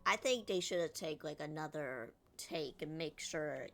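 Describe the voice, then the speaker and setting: A woman's voice: sits low, expressive, unhurried. A woman streamer in casual game commentary, critiquing voice acting with lots of fillers.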